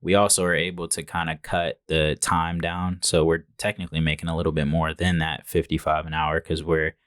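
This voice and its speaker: A young man, a small business owner, guesting on a podcast and talking calmly with many filler words. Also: a bass voice, a little fast, no echo, studio quality. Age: young adult. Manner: calm, plain-spoken, many ums and likes. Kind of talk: casual interview.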